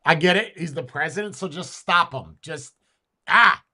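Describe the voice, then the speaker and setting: A man's voice: a little high, normal speed, sharp tone. A man hosting a show, reacting to a clip with casual, emphatic, slangy commentary.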